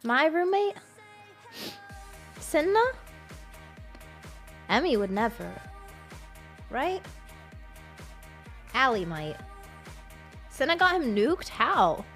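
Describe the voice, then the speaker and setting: A woman streamer chatting casually with her viewers. She is excitable, swears often and shrieks when she thanks people for gifts. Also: sits high, drawn-out words, long pauses, faint music behind. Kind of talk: casual livestream chat.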